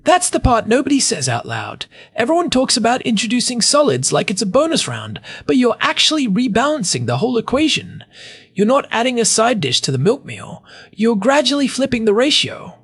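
A podcast co-host making wry, joking asides in casual chat, with a husky voice. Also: mid-range voice, wildly swooping pitch, fairly quick, fairly bright tone, dry recording.

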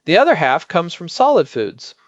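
A man co-hosting a podcast as a pediatric expert, explaining in a measured way and stressing key points. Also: fairly high pitch, big pitch swings, dry recording, lo-fi sound.

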